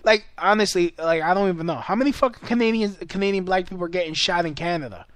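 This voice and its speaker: A man's voice: sits high, fast talker, a bit bright, clear, resonant tone, no echo. A young man ranting in a casual vlog, rambling and profane and breaking into laughter often. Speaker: vlogger.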